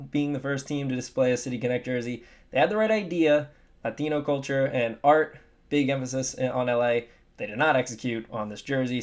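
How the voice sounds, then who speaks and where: A young man giving casual, opinionated sports commentary, animated with emphatic swings in his delivery. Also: mid-range voice.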